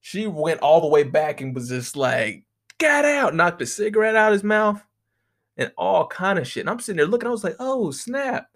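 This is an American man riffing through a comedic rant, swearing freely and drifting from one rambling story to the next. His voice sits a little higher than most men's, and he keeps up an animated, storytelling energy. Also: brisk.

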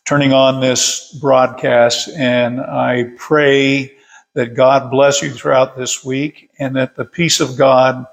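A man's voice: medium pitch, level tone, slow pace, gravelly. An older man leading a casual Bible study from his workshop, folksy and chuckling as he tells stories.

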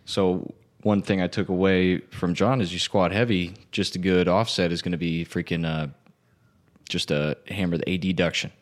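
A man co-hosting a podcast, talking casually in a halting, filler-heavy way. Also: sits low, steady tone. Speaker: podcast co-host reading listener questions. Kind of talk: casual chat.

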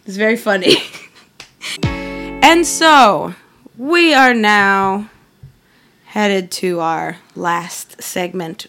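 A woman co-hosting a podcast in casual chat, blunt and profane, and quick to laugh. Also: mid-range voice, lively intonation, fairly bright tone. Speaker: podcast co-host.

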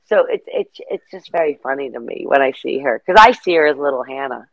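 A middle-aged woman as an interview guest, telling rambling, animated stories in casual chat. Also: very deep voice, brisk, gravelly, dry recording, highs cut off.

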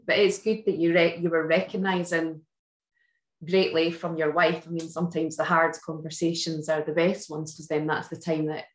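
Scottish woman cohost, low voice, supportive, echoey room. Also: level tone, normal speed. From Scotland. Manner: supportive, reflective. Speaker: co-host. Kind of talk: casual chat.

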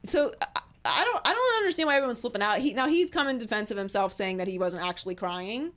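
Animated woman sports podcast co-host. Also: quick pace. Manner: emphatic and opinionated, pitch leaping up for emphasis. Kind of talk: casual sports talk.

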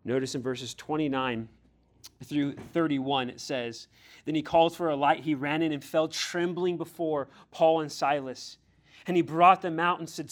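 Earnest preacher man, slightly high voice. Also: steady tone, moderate pace. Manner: earnest and direct, challenges listeners; acts out scripture voices. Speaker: pastor. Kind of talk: sermon to a youth group.

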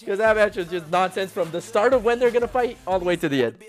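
A man's voice: sits high, fast talker, soft background music. A man hosting a casual podcast, rambling through stories and acting out quotes with frequent laughs. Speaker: podcast host. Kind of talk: casual wrestling chat.

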